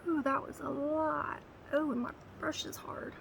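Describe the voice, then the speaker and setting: A woman with a high, gravelly voice talks through a quick makeup look while sitting on her bed. Her chat is casual and is broken by quiet soothing words to a nervous dog. It is recorded on a phone, with a faint hiss underneath. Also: steady tone, low-quality recording. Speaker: makeup vlogger. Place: indoors at home, sitting on a bed.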